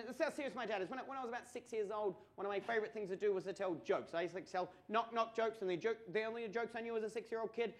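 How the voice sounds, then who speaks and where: An Australian man telling a crude, animated stand-up comedy story with swearing and mock outbursts. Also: high-pitched.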